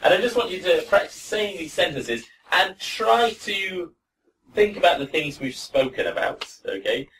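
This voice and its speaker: A man's voice: sits high, moderate pace, slight background noise. Encouraging male pronunciation teacher, distant mic. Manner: relaxed, encouraging. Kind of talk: classroom teaching. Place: classroom with students. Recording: voice from far off.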